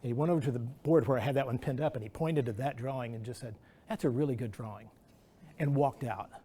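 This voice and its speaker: A man's voice: mid-range voice, quick pace, dark tone, a little hiss or hum. A middle-aged man, a guest artist, telling rambling anecdotes at an artist talk, acting out quotes. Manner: rambling anecdotal delivery with restarts and acted-out quotes.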